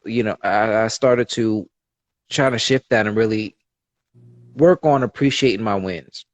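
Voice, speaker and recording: A man's voice: lowish voice, unhurried, no room sound. A man talking as a podcast guest in casual conversation, sharing personal stories in an earnest, open way with many fillers.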